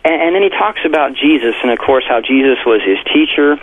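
A man's voice: mid-range voice, quick pace, slight background noise. A male pastor and author telling a personal story in an interview, acting out quotes in a raised voice. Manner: animated, acts out quotes with raised voice. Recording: tinny phone-like broadcast audio.

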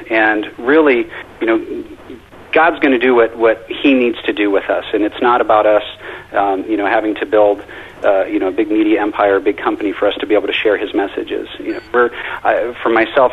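A man speaking as an interview guest, in a halting way and often restarting his phrases. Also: fairly low pitch, husky, narrow, tinny audio. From United States. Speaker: guest, children's media producer. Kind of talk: interview answers.

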